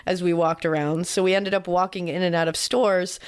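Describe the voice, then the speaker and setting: A woman's voice: lowish voice, steady tone, fairly quick, smooth. Wry woman reading a story aloud. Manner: wry, profane asides and laughs. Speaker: podcast co-host reading a listener story. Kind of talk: casual comedic story reading.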